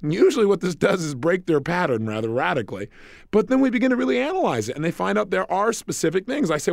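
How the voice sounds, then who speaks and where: A man delivers a motivational lesson with bold, emphatic energy, acting out little exchanges as he goes. His fairly high voice swoops widely and carries a gravelly rasp, captured close and dry. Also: quick pace, no room sound. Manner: animated and emphatic, acting out dialogues. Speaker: self-help speaker. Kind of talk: recorded motivational program.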